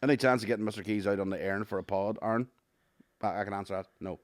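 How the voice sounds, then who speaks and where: A young man with a Northern Irish accent, talking in loose, swear-filled podcast banter and reading out listener questions. His voice sits on the low side. It is recorded close and dry, with no room sound. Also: steady tone, fast, no echo. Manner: sweary, reads listener questions, laughs often. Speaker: podcast co-host.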